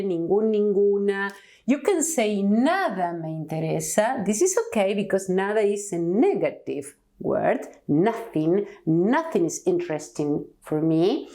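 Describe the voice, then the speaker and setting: A woman who is a native Spanish speaker, teaching a Spanish grammar lesson in English with deliberate, repeated example phrases. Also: mid-range voice, a little mellow. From Argentina. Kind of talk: language lesson.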